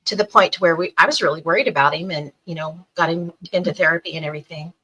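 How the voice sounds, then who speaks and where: Fast-talking and husky, with a fairly low pitch, a middle-aged woman guests on a podcast, where she tells a personal story animatedly while voicing each character in it. The recording is rough.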